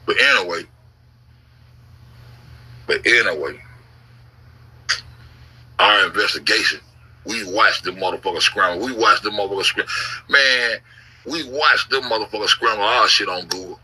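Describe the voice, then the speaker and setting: Profane, rambling man with a husky voice. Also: lowish voice, moderate pace, long pauses, pushed and bright, rough recording. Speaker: YouTube commentator. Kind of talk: casual livestream storytelling.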